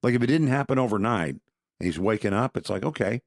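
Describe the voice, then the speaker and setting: A deep, low-pitched man chatting casually on a podcast. He is opinionated and conversational, and he often stops to restart a phrase. The sound is dry and close. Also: expressive, quick pace, no echo. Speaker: podcast co-host. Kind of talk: casual political talk.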